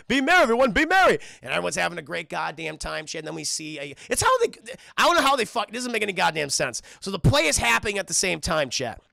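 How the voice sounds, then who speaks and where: A man giving a casual, profane, excitable scene-by-scene film recap, constantly talking to his live chat. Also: fairly high pitch, gravelly, no echo. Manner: profane, excitable retelling that keeps addressing the chat. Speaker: film reviewer streaming to chat.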